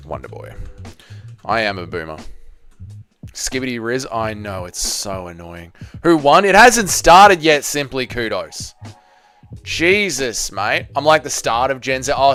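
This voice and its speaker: An Australian man in his thirties hosts a casual fight watch-along stream, bantering with his chat and swearing freely as he jokes. His voice is smooth and resonant, with a very lively, swinging pitch. Soft music plays faintly behind him. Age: 30s. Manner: banters with chat, profane and joking. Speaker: livestream host. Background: faint background music.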